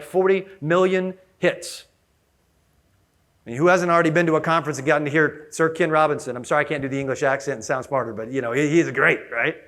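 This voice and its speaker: Man, keynote speaker, fairly high voice, energetic, asks the room questions. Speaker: conference speaker. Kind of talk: conference keynote talk. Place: conference room with audience.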